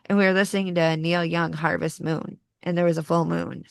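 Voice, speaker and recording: Young woman podcaster, casual and slangy, says dude a lot, low gravelly voice. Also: level tone, a little fast, no echo, clean studio sound. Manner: casual, swears freely, calls people dude. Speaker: podcast co-host. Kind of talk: casual storytelling chat.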